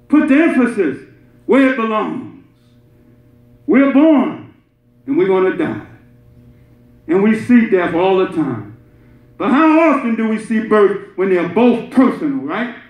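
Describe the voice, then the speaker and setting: A man giving a Friday sermon in a conversational way, with laughing asides and shouted emphasis. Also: high-pitched. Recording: echoey muffled room recording.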